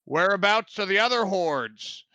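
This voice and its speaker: A man's voice: sits high, lively intonation, a little slow, no room sound, dull audio, voice pushed up, full character voice. A man doing a cheeky old lookout. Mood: teasing. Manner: teasing, shouts down from above. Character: older male mountain villager, cheeky lookout.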